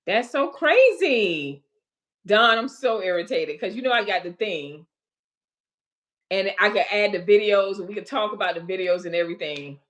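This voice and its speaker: A woman hosting a live stream in a loose, chatty way, speaking straight to her audience with homey asides. She breaks off now and then to read out facts in a halting manner. Her voice sits at an ordinary middle pitch. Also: fairly bright tone. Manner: chatty, addresses viewers directly with folksy asides; reads health facts aloud haltingly between chat. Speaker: livestream host. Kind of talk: casual livestream chat.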